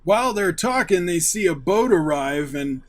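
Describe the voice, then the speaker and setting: Man, casual episode recap host, excitable, slightly higher voice. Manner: excitable, retells scenes in quick paraphrase. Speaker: YouTube show host.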